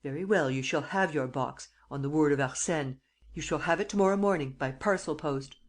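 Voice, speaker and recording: A woman reading an audiobook, voicing a suave, teasing male gentleman thief who gives brisk commands. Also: deep voice. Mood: gleeful.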